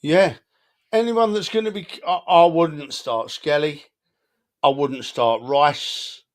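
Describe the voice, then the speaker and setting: Taking things slowly, this co-host with a fairly high voice talks football casually on a podcast. He's emotional and animated, circling back to say the same things again.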